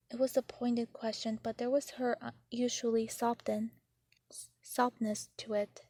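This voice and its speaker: A woman reading a novel chapter aloud in the first person, in a steady, even way. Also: on the high side, measured pace, no room sound. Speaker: narrator.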